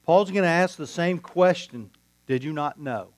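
A man preaching a sermon as a pastor, telling a story with quoted dialogue and deliberate pauses. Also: fairly high pitch, no echo.

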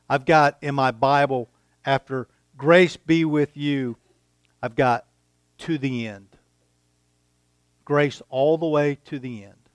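A male pastor delivers a sermon at an unhurried, deliberate pace, letting phrases land with pauses between them. His voice sits at an ordinary pitch and sounds close and dry, with little room around it. He reads scripture aloud and breaks off to explain it to his congregation. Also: fairly even intonation, clean tone, no room sound. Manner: slow, deliberate preaching with dramatic pauses, reading scripture aloud.

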